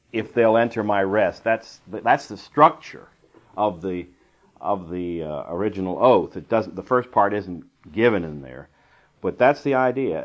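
A man teaching a verse-by-verse Bible lesson in a conversational style, with dry asides and digressions. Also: fairly low pitch. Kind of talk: Bible study lecture.

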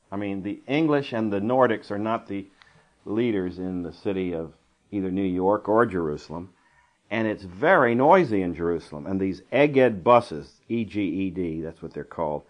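A man's voice: lowish voice, highs cut off. A man teaching a verse-by-verse Bible lesson in a conversational style, with dry asides and digressions. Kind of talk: Bible study lecture.

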